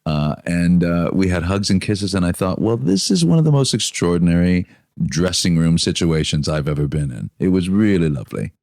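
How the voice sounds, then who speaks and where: A man's voice: sits low, moderate pace, gravelly, no room sound, studio quality. An American man, a stage actor, telling anecdotes on a podcast and acting out the quotes of the people in them. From United States. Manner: animated storyteller, acts out quotes with big swings.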